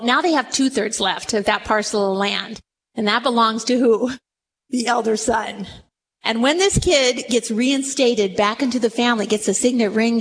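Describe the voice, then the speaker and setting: Woman preaching, high voice, really dramatic storytelling, faint hiss behind. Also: in a large hall. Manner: dramatic, emphatic storytelling, swings low for asides. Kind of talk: sermon. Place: church or meeting room with a group.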